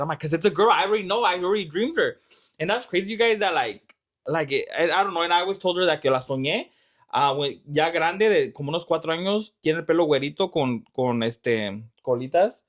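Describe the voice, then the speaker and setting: A young man speaks quickly, with a voice pitched a little high for a man. He chats loosely and keeps the stories rolling, filling them with fillers and swearing. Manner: animated storytelling, lots of fillers and swearing. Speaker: vlog host. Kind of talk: casual chat.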